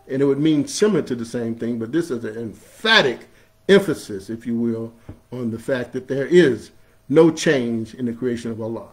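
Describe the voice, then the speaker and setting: Emphatic preaching imam. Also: male voice, mid-range voice. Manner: emphatic preaching that swells loud on key phrases; chants Arabic scripture. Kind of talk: Friday sermon. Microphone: streamed live online.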